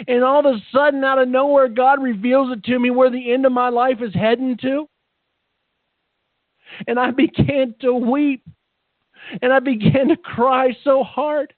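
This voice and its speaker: A man telling his conversion story as a testimony, fervent and halting, often repeating words. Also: extremely high pitch, no echo. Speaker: testimony speaker. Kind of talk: emotional personal testimony. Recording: tinny phone-like line, dry.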